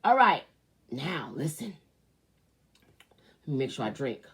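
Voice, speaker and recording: A woman hosting a casual advice show, reading a viewer's letter aloud and reacting with loud outbursts and muttered asides. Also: deep voice, big pitch swings, measured pace, breathy edge. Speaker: host.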